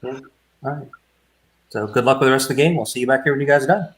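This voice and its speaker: A man hosting and commentating casually on a tabletop game, calmly explaining the plays. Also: medium pitch, fast talker, low-quality recording.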